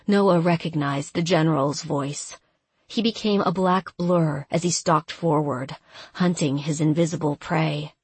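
A woman narrates a story in a measured, steady reading. Her voice is low and husky, and she takes her time. The recording is dry and close. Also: no echo. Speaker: audiobook narrator. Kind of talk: scripted narration.

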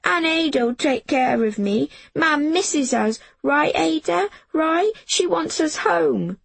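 A woman's voice: high voice, expressive, slow pace, gravelly, pitched above the performer's own voice, full character voice. Woman doing a wailing little boy. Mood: pleading. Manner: wailing, pleading. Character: small boy, desperate and tearful.

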